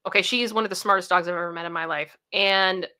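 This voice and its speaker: A woman's voice: lowish voice, steady tone, fast, sharp tone. A young woman hosting a casual livestream, chatty and repeating herself as she thanks viewers by name. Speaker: livestream host.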